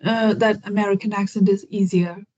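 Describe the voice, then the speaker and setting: A woman's voice: medium pitch, steady tone, normal speed, warm tone. Woman host, video call, curious and chatty, lots of restarts, slightly dull sound. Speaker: English conversation host.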